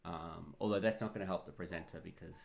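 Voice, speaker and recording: A man's voice: low voice, fairly even intonation, fast talker, gravelly. A man co-hosting a tech livestream over a video call, talking casually and thoughtfully, often trailing off. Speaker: livestream co-host. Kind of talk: casual chat.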